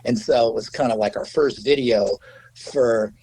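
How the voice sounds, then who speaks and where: A middle-aged man, a guest musician, telling anecdotes in an interview, animated, swearing freely and acting out quotes in a raised voice. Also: mid-range voice, moderate pace, slightly rough, rough recording.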